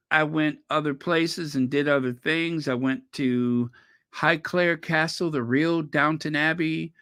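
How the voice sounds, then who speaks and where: African American man, unhurried, bright tone, rambling excited storyteller. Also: a little high, smooth. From United States. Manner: rambling, excitable travel storytelling, pausing to recall. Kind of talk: casual chat.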